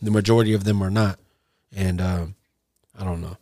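A man's voice: sits low, fairly even intonation, brisk, dark tone, no room sound, studio quality. A man co-hosting a casual podcast, talking loosely with lots of swearing and trailing off into mumbles. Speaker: podcast co-host. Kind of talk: casual chat. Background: faint music.

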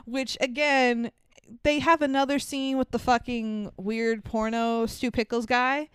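A young woman co-hosting a podcast, chatting casually about a movie with animated, swearing reactions. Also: on the high side, a little slow, smooth, no room sound. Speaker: podcast co-host. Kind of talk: casual movie review chat.

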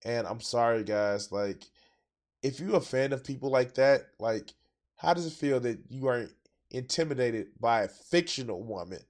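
A man's voice: mid-range voice, normal speed, darkish tone. A man hosting a reaction video, talking casually with profane, exasperated outbursts.

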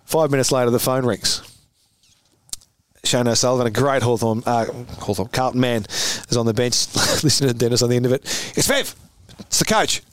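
Australian man, forties, animated storyteller, laughing, mid-range voice, dry close sound. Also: mid-range voice, a little fast, clear, resonant tone, dry recording. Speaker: former footballer, guest. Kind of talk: casual storytelling interview.

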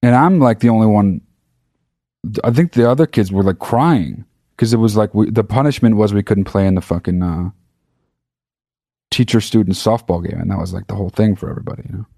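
A man's voice: fairly low pitch, fairly quick, gravelly, no echo, studio quality. A man hosting his own podcast, telling a story in a loose, rambling, profane way. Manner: profane, rambling, animated retelling. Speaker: podcast host. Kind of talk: casual storytelling monologue.

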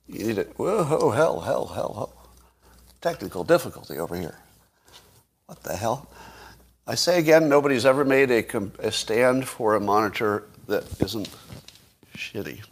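A man's voice: on the low side, a bit bright. A man giving casual livestream commentary, sarcastic, asking rhetorical questions and tossing dry asides. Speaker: political commentator.

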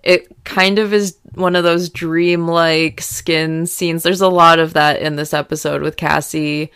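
Chatty young woman with a low voice. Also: measured pace, clear, resonant tone, dry recording, studio quality. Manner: chatty, frank, lots of "like" fillers; gets loud when excited. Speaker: podcast host recapping a TV series. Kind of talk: casual recap chat.

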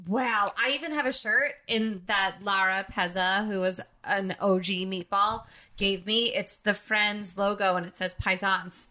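A woman from New Jersey hosting a podcast, chatting casually and gushing with excitement. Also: mid-range voice, slow. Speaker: podcast host.

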